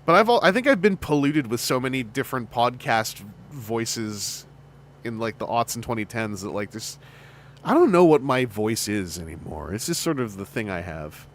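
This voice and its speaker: Animated, joking man with lively pitch. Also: moderate pace. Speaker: podcast host. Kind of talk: casual chat.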